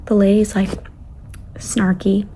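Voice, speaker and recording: A young woman vlogger telling a casual travel story, rambling along and often dropping to a breathy near-whisper. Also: mid-range voice, little pitch movement, slow, mellow, slight background noise.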